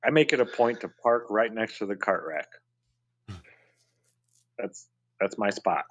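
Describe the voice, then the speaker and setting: Animated low-voiced man on a podcast. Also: a little slow, dry recording, lo-fi sound. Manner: animated storyteller, mimics people in high voices. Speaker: podcast co-host. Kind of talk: casual chat.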